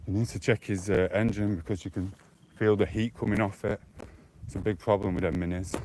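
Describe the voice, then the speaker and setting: Low-voiced British man rambling on a walk. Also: steady tone, moderate pace, long pauses, background noise. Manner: rambling, defensive, chatty. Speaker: live streamer. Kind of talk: casual live stream chat while walking. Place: outdoors, walking along streets.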